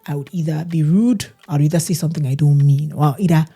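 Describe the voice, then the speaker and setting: A woman, co-hosting a casual podcast and telling stories in an animated way. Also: low voice, fast, breathy edge, faint music behind. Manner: animated storytelling, mimics others' voices. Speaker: podcast co-host. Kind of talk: casual chat.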